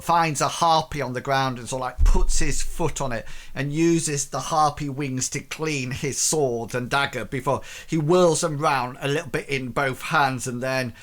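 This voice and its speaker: A man's voice: medium pitch, fairly bright tone. A man running a tabletop role-playing game as game master, narrating in a chatty way with many fillers.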